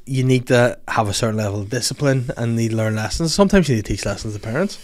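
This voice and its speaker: A Scottish man hosting a podcast, telling sweary, animated stories in casual chat. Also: medium pitch, quick pace. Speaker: podcast host.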